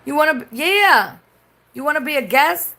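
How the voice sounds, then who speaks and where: A woman's voice: sits high, expressive, normal speed, pushed and bright. A Puerto Rican woman chatting casually on a live stream. She swears freely and switches between English and Spanish mid-sentence. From Puerto Rico.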